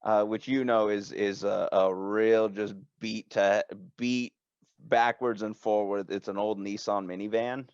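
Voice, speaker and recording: A man's voice: on the low side, level tone, unhurried, a little mellow, clean tone, no echo, lo-fi sound. A man narrating as game master for a tabletop game, rambling and joking with many restarts.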